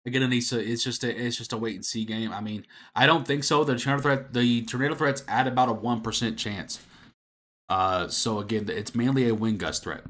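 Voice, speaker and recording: A man's voice: mid-range voice, steady tone, brisk, fairly bright tone. A man giving live storm coverage on a stream, answering viewers by name. He is out of breath and straining his voice, and he talks casually and repeats himself. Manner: casual, repeats himself, reads out chat names. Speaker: weather forecaster on a livestream.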